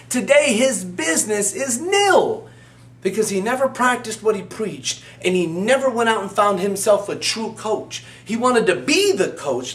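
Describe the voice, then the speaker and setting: A man with a high-pitched, slightly bright voice plays a motivational business coach addressing the camera. His exhortation is fervent, emphatic and repetitive as he spurs the listener on, heard from a distance in an echoey room.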